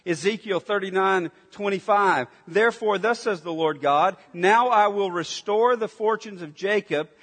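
High-voiced preacher in a reverberant hall. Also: male voice, a little slow, hardly any pauses. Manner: emphatic, swings between intense near-whispers and forceful declarations. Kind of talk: sermon.

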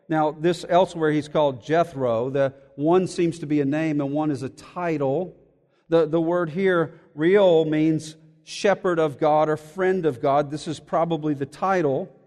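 A man's voice: a little high, measured pace, darkish tone, big-room sound. A man preaching an expository sermon in a church, earnest and repeating words as he thinks aloud. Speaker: pastor.

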